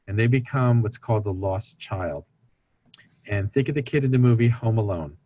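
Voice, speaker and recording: A man with a somewhat low-pitched voice speaks as an interview guest. His tone is earnest and instructive, and he slips into brief put-on voices when he quotes other people. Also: lively intonation, brisk, darkish tone. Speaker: guest speaker on recovery ministry. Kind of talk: explaining in an interview.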